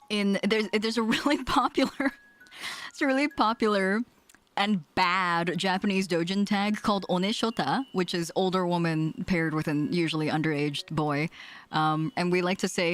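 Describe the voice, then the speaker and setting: A woman's voice: medium pitch, moderate pace. A woman streamer chatting casually on a livestream, giggling often, joking crudely and rambling with lots of fillers and restarts.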